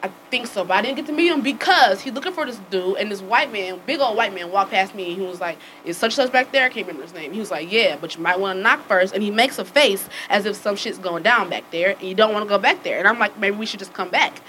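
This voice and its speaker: A woman telling a story casually to friends, acting out the dialogue with lively swearing and frequent laughter. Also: medium pitch, fast, hardly any pauses, slight background noise, low-quality recording. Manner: animated, acts out quoted dialogue with swearing; laughs often while telling.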